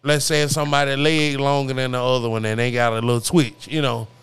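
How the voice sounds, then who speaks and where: A man's voice: medium pitch, flat delivery, fast talker, fairly bright tone, a little hiss or hum. Stammering, laid-back male podcast host. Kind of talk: casual podcast chat.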